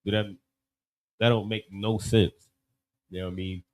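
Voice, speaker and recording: A man's voice: lowish voice, level tone, normal speed, darkish tone, poor audio. A man teaching a class in a loose, conversational way, often asking "you know what I mean?".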